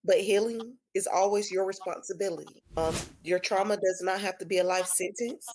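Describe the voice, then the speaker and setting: A woman podcast guest speaking in a measured, earnest way. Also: mid-range voice, fairly even intonation, a little mellow, a little hiss or hum. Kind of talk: conversational discussion.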